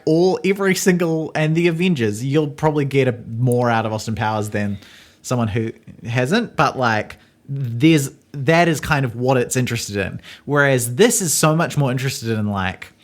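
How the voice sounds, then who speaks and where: A woman co-hosting a film podcast in casual chat, enthusiastic, with lots of "like" fillers. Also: rumbling low. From Australia. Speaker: podcast co-host.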